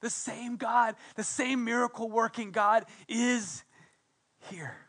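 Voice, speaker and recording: A middle-aged man preaches with fervent conviction, his voice sitting high and ringing. He surges into loud, insistent declarations, then drops to a hushed, close tone to draw the listener in. The brightness gives his emphasis a sharp, carrying edge. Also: fairly even intonation, takes it slowly, breathy edge. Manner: passionate, swings from loud emphasis to hushed intimacy. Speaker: pastor. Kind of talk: sermon.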